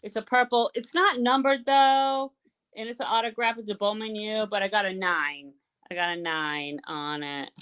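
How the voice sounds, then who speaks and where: A woman with a Boston accent talks in an excitable, chatty way. Her pitch sits in an ordinary middle range. Her speech is loose and casual, with swearing thrown in. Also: moderate pace, smooth. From Boston, USA. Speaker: caller guest. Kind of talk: casual live chat.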